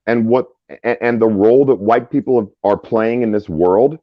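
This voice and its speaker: A man's voice: on the low side, normal speed, dry recording. A man in casual group chat who rambles and repeats words as he talks. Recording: dull lo-fi sound.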